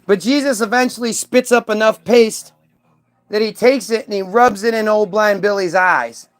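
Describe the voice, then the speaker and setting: Male commentator, high-pitched, irreverent rambling rant delivery. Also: normal speed. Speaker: online commentator. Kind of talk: casual comedic rant.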